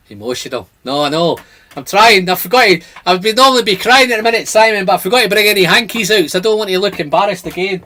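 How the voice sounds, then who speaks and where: A man's voice: sits high, pushed and bright. A man hosting a casual whisky livestream, chatting and reading out viewer comments. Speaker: whisky channel host.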